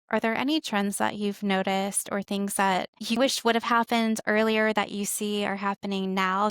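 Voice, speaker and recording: A woman's voice: medium pitch, smooth, dry recording. A woman co-hosting an interview, who asks questions and answers the guest in an affirming, encouraging way. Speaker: podcast co-host. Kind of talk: interview chat.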